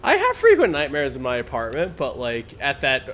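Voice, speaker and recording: Animated, rambling man streamer. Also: mid-range voice, a little fast, faint music behind. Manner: rambling, animated, laughing at his own stories. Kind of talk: casual storytelling while gaming. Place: home streaming setup.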